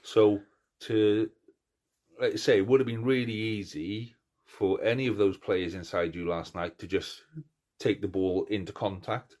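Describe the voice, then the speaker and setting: Man, middle-aged, low voice, chatty podcast host, animated storytelling, frequent restarts. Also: a little slow. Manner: animated storyteller, acts out crowd cheers; chatty, many restarts and fillers. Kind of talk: casual chat.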